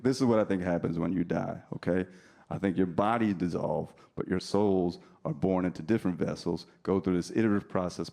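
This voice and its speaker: A male comedian from New Jersey performing stand-up, teasing the crowd in a deadpan way while telling stories. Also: sits low, creaky. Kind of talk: stand-up routine with crowd work. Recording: live club recording with audience noise. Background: audience laughter.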